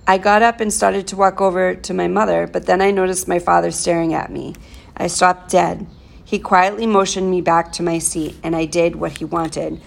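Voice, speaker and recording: A woman teacher reading a novel aloud to her class, with plain, steady storytelling. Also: on the low side, vocal fry.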